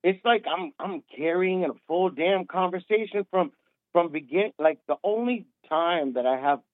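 A man's voice: high-pitched, normal speed, no room sound. Man, 30s, caller, tipsy, rambling and repeating himself, phone-line audio. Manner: rambling, repeats and restarts a lot. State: tipsy from drinking. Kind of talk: casual call-in talk. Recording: tinny phone line, dry.

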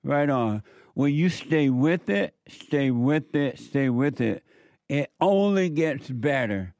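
A man's voice: a little high, expressive, slow pace, a little mellow, no room sound. Preachy radio host man, dry sound. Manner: preachy, emphatic, repeats phrases. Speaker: radio talk show host. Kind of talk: call-in radio talk.

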